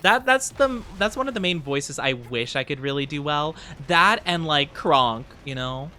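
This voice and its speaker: A chatty streamer talks casually through a game session and keeps laughing along with the chat. The voice is bright and very animated in pitch, with faint noise behind it. It is picked up by a desk microphone. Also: moderate pace. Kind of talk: casual gameplay commentary.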